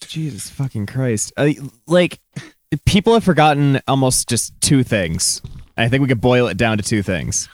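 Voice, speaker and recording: A man's voice: medium pitch, lively intonation, moderate pace, no echo. Exasperated, swearing man telling stories. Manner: profane, exasperated storytelling. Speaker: podcast co-host. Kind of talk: casual chat.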